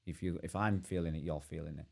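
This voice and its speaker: A man telling his own story as a podcast guest, earnest and halting with many restarts. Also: low-pitched, fairly even intonation, vocal fry. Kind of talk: candid personal storytelling.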